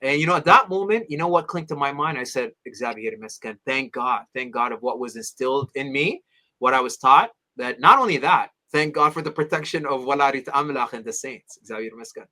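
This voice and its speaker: A man in his thirties, an interview guest, telling personal stories in an animated way and acting out his friends' voices. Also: fairly quick. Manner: animated, acts out friends' voices with big pitch jumps; addresses host as "my beloved father". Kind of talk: storytelling in casual interview.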